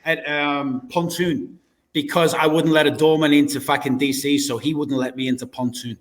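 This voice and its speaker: A man, a former doorman, telling lively anecdotes in casual chat, swearing and laughing a lot. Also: a little high, normal speed. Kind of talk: casual storytelling.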